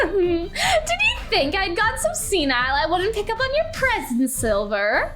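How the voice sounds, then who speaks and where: A woman's voice: very high-pitched, big pitch swings, a little slow, fairly bright tone. A young woman streaming a game, reading the dialogue aloud and breaking into gushing, laughing fan reactions. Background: faint game music.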